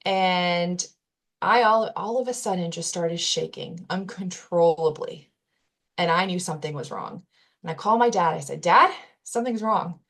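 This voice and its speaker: A woman with a lowish voice for her sex talks through a personal story as a podcast guest. She sounds earnest and candid, with casual fillers and self-corrections along the way. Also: moderate pace. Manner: earnest, candid retelling with frequent "like" and restarts.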